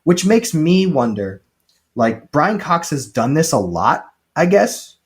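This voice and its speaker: A man co-hosting a casual podcast, retelling a film with jokes and quick paraphrased lines from its characters. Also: fairly high pitch, big pitch swings. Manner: chatty, joking, quick paraphrased quotes. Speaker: podcast co-host recapping a film. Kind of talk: casual chat.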